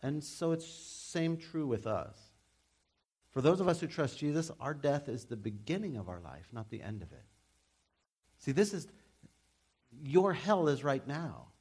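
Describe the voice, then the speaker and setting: A man preaching a sermon in a conversational, animated way, with humorous asides. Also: medium pitch, a little slow, long pauses, breathy edge. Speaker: pastor.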